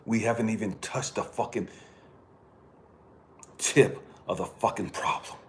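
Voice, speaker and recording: A man from California speaking bluntly in a personal monologue, cursing freely and swinging from quiet remarks to impassioned outbursts. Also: lowish voice, steady tone, a little slow, slight background noise. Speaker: channel host.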